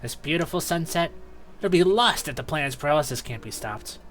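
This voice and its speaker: Sincere young monkey hero, voiced by a man reading game text, lively lilt. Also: fairly high pitch, brisk. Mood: earnest. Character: earnest young male monkey creature hero. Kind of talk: reading game dialogue aloud.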